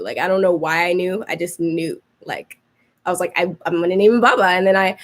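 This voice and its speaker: A young woman hosting a podcast, telling a story in casual chat, full of fillers and restarts, acting out her own reactions. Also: mid-range voice. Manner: rambling, many fillers and restarts. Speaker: podcast host.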